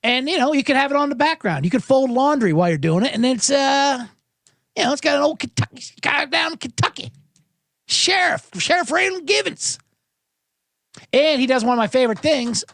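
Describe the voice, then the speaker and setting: A man's voice: extremely high pitch, lively intonation, brisk, creaky, fairly bright tone, no room sound, clean studio sound. A man hosting a casual sports betting podcast, rambling and profane, often cutting himself off mid-sentence. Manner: rambling, profane, self-interrupting. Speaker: podcast host. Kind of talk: casual livestream chat.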